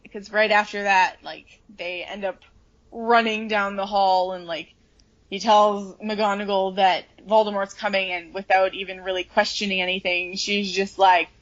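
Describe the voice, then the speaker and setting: A woman's voice: mid-range voice, fairly bright tone, highs cut off. A woman co-hosting a podcast, chatting casually and animatedly about a book, swearing freely and acting out the characters. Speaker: podcast co-host.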